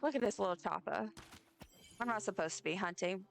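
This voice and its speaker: With a brisk delivery, vocal fry, and a mid-range pitch, a young woman rambles amiably to her chat while playing a game on stream, keeping it casual and talking directly to viewers.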